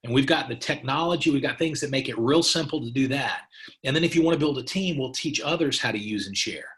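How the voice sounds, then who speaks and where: A man's voice: mid-range voice, fast talker, a bit bright. Emphatic man coaching sales partners. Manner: emphatic, repeats phrases, many restarts, coaching tone. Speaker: company president giving partner training. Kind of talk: motivational sales training talk.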